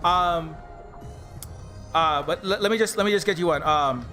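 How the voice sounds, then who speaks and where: A streamer and indie game developer with a fairly high voice rants on a livestream at a moderate pace, heated and profane. He repeats the same points over and over, padded with ums and uhs, while soft music plays faintly in the background.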